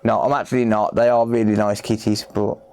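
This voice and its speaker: A British-accented man chats casually on a repair livestream, coaxing, playful and prone to talking to pets with little asides. His voice is on the low side and darkish, delivered flatly at a fairly quick pace.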